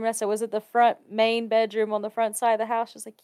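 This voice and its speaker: Ohio lady telling a ghost story, laughs a lot, does little voices, clear voice, dry close mic. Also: on the high side, quick pace, dry recording. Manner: animated, laughs often, acts out quoted voices. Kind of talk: casual storytelling.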